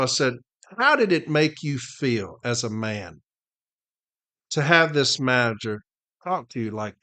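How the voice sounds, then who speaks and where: A fervent man hosting his own podcast, speaking at a middle pitch with a bright, forceful edge to his tone. He preaches more than he chats, and he hammers his points home by repeating them. He drops to a slow hush and then surges into loud, fired-up bursts. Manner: swings between hushed slow passages and loud fired-up bursts. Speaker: podcast host, union representative. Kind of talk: impassioned storytelling monologue.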